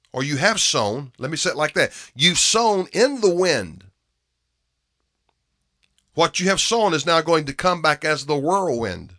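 A man preaching a sermon with emphasis, repeating key phrases and dropping from loud to hushed. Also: on the high side, dry recording, studio quality.

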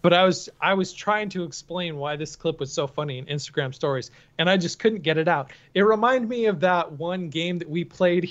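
A man's voice: high voice, muffled recording. A man hosting a podcast who tells stories in a casual, rambling way and often laughs. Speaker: podcast host. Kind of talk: casual chat.

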